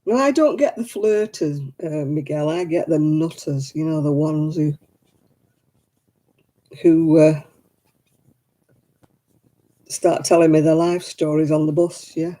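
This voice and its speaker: Chatty woman with a mellow voice. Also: low voice, takes it slowly, long pauses. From England. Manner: chatty, laughs often, answers viewers by name. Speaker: livestream host. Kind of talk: casual chat.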